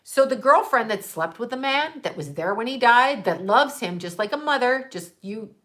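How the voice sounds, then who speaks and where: A woman's voice: fairly high pitch, lively intonation, moderate pace, a bit bright. A middle-aged woman working as a psychic medium, chatting casually and candidly with viewers, swearing and laughing often. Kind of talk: casual livestream chat with viewers.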